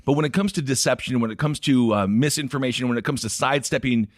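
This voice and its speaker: A man's voice: mid-range voice, fast talker, no echo, clean studio sound. A man co-hosting a podcast in casual chat, rambling through his points and joking around. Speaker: podcast co-host.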